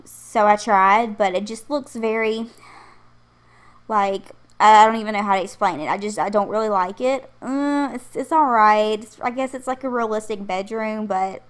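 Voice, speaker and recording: A woman's voice: medium pitch, fairly bright tone, clear, resonant tone. A young pregnant woman hosting her channel, chatting casually in a rambling voice-over with frequent laughter. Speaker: channel host. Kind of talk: casual voice-over chat over a game build.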